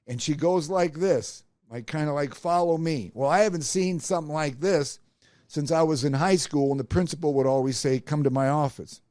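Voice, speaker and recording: A middle-aged podcast host from Nebraska animatedly recounts a personal career story, acting out the voices of the people in it. His voice is a little high and moves at normal speed. The sound is clean studio quality with no room sound.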